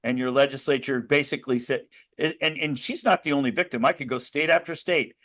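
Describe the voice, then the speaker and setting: A man's voice: medium pitch, a little fast, fairly bright tone. An American man speaking as an interview guest, telling his story earnestly with many restarts and rising bursts of emphasis. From United States. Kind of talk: conversational interview.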